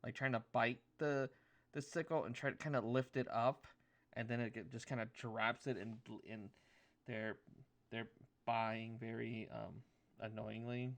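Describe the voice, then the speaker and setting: A man's voice: medium pitch, flat delivery, a little slow, gravelly, fairly bright tone. A man narrating a tabletop game as dungeon master, with hesitant, filler-filled descriptions.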